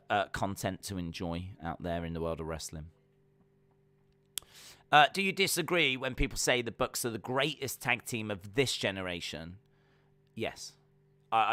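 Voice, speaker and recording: A man's voice: on the low side, a bit bright, clean tone, no echo. A man hosting a live wrestling reaction stream, chatting casually with lots of fillers and reading viewer comments aloud.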